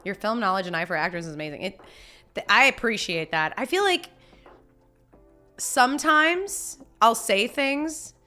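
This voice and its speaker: Streaming live from home, a young woman chats casually, reads out chat messages, laughs a lot, and keeps restarting what she says. Her slightly high voice swings widely in pitch at a normal speed, bright and forceful, over soft background music.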